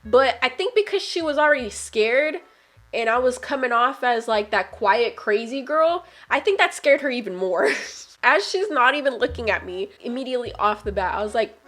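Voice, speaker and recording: High-voiced, foul-mouthed young woman storyteller. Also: moderate pace. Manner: profane, animated, voice climbs when heated. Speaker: vlogger. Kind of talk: casual storytime.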